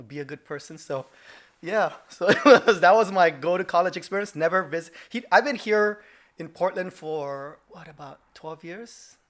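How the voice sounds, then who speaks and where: A man in his thirties from Hawaii, a judo instructor, telling stories in a casual interview and laughing often. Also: fairly high pitch. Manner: animated storyteller, laughs often. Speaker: judo instructor and dojo owner.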